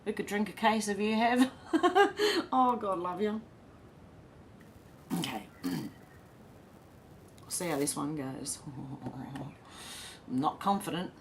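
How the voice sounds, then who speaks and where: A woman's voice: fairly low pitch, big pitch swings, takes it slowly, pauses often, a little hiss or hum. An Australian woman hosting a livestream, chatting casually, laughing and reading out comments from her viewers. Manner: chatty, laughing, reads chat comments aloud. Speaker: livestream host.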